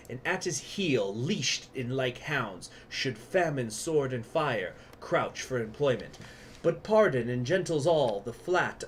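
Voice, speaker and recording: Man doing a pompous British warlord: raised pitch, slow stage declamation. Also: slight background noise. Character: grandiose male warlord reciting theatrically in British manner.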